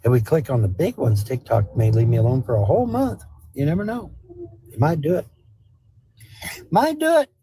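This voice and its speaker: A man's voice: medium pitch, animated, a little fast, mellow, a little hiss or hum. A man chatting casually on a live stream, rambling and talking to his dog between comments. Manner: rambling, talks baby talk to his dog. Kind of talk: casual livestream chat. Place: home with a dog.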